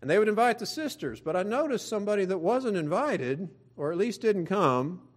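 A man's voice: high voice, big pitch swings, brisk. A man preaching a sermon in a conversational way, with frequent asides and fillers. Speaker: pastor.

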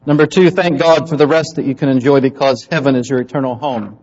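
Husky storytelling preacher. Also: male voice, mid-range voice, steady tone, fast talker, darkish tone, dull audio. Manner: storytelling, acts out quoted voices. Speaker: pastor. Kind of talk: sermon with personal testimony.

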